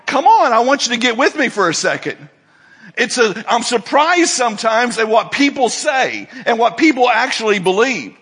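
Male preacher, husky and bright, dynamic sermon delivery with big swings in volume. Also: extremely high pitch, sing-song, moderate pace. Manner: dynamic preacher, swinging from soft asides to loud emphatic declarations. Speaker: pastor.

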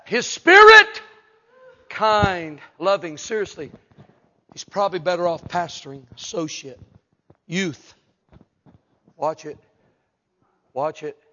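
Animated preacher with a high voice. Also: male voice, slow, pauses often, muffled recording, a little hiss or hum. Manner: animated, jokes and acts out voices, shouts for emphasis. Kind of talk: humorous sermon.

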